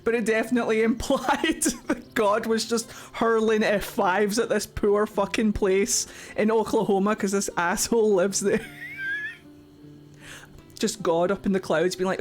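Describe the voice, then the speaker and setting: A woman's voice: mid-range voice, fairly even intonation, unhurried. A woman live-streaming a game, chatting with viewers in a crude, giggly way and laughing often. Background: game music.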